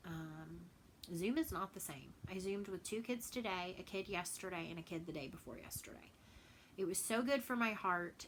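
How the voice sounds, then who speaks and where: A woman's voice: lowish voice, a bit bright, a little hiss or hum, poor audio. A woman from Texas in a casual home vlog, chatting and rambling with many fillers and repeated words. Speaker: cross stitch vlogger. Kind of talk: casual chat.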